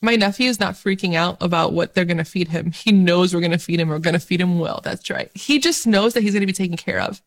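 A woman's voice: quick pace, few pauses. A woman giving a faith-sharing talk to camera as a Catholic youth minister. She speaks with joy and energy and laughs often. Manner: joyful and animated, laughs often, bright rises in pitch.

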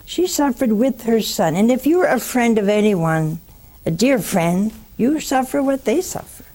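A woman's voice: a little high, animated, dark tone. An older woman hosting a religious call-in show, blunt and fervent, answering callers. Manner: slow, blunt and fervent, calls callers honey.

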